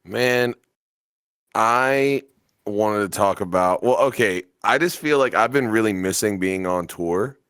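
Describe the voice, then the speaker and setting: A man's voice: on the low side, a little slow, fairly bright tone, smooth, no echo, clean studio sound. A man co-hosting a podcast in casual chat, rambling and teasing, laughing often. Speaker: podcast co-host. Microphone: webcam setup at home.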